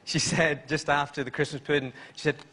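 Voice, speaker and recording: A man from Ireland with an Irish accent, a comedian panelist delivering punchlines excitably. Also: fairly high pitch, brisk. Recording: loud studio audience and noise.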